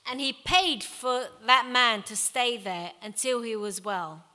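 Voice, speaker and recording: A woman voicing a kindly male teacher telling a parable, gentle and expressive, with long hall reverb. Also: on the high side, slow. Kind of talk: reading a Bible story aloud.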